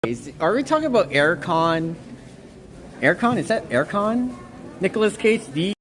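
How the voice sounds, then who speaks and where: Brief: woman streamer, gushy and rambling, big swooping pitch, walking outside with a phone. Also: moderate pace, a little hiss or hum. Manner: excitable, gushing, rambling. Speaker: livestreamer. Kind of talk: walking livestream, reading chat. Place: outdoors on a snowy town walk.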